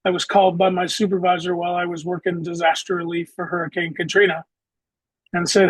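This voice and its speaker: A man's voice: high-pitched, flat delivery, quick pace, a bit bright, husky, dry recording, low-quality recording. A middle-aged man, a former traffic cop telling his stories matter-of-factly as an interview guest. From Southeastern United States. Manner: matter-of-fact, vivid storyteller. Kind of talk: interview storytelling.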